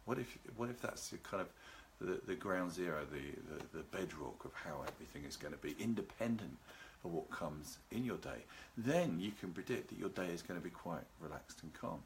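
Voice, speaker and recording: Speaking from home with a garden at his back, this seminar host hosts a live relaxation video talk in a low, calm voice. His unhurried, leisurely delivery includes greeting viewers by name as they join, and there's a slight hiss or hum.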